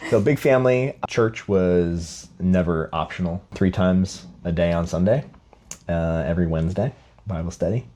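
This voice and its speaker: A man from Scotland talking about his upbringing in a casual podcast conversation, reflective and unhurried as he tells his story. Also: sits low, fairly even intonation, warm tone, a little hiss or hum. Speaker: podcast co-host and guest.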